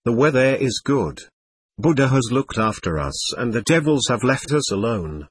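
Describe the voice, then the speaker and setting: A man voicing a loud, boisterous male trader who bellows and booms in a storybook reading. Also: lively intonation, normal speed, husky, dry recording. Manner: bellowing, booming.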